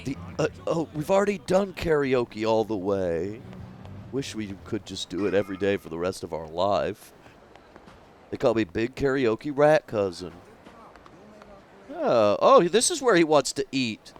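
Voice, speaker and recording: A man's voice: fairly low pitch, very animated, a little slow, slight background noise. A young man streaming a video game, joking crudely and rambling in casual commentary.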